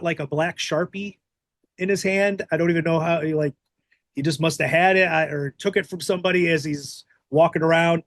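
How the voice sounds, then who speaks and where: A middle-aged man hosting a podcast, telling a backstage story in a casual, animated way, swearing freely and acting out the quotes. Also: on the high side, no room sound. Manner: animated, profane, acts out quotes. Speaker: podcast host.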